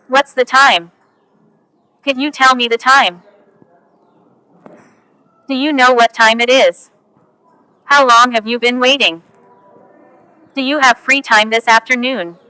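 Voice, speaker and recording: A woman reading English example phrases one at a time for learners, slow and careful. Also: fairly high pitch, fairly even intonation, pushed and bright, no room sound, low-quality recording. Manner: slow, careful, each phrase spoken on its own. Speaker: English teacher.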